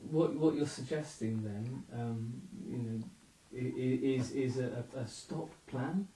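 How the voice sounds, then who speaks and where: A man interviewing someone, asking halting questions with many hesitations. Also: medium pitch, dark tone, recorded from a distance. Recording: echoey room from off-mic with faint noise.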